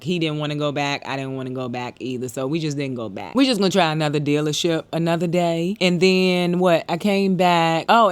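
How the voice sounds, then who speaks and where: A woman's voice: deep voice, dry recording. A middle-aged woman, chatting casually to viewers in a late-night home vlog and laughing often. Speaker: vlogger. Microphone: handheld pocket camera.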